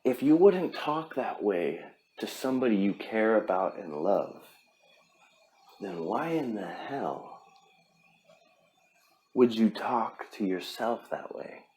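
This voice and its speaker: A man's voice: fairly low pitch, lively intonation, slow, pauses often, a little mellow. A man hosting a podcast, giving a blunt, profane pep talk in a casual monologue. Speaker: podcast host.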